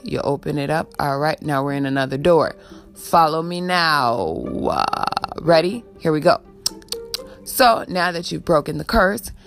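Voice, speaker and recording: A woman's voice: fairly low pitch, gravelly. A woman giving a preachy spiritual pep talk, ending most sentences with a questioning "ah?" and sighing now and then. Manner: sighs before blowing love. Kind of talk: motivational spiritual talk to camera.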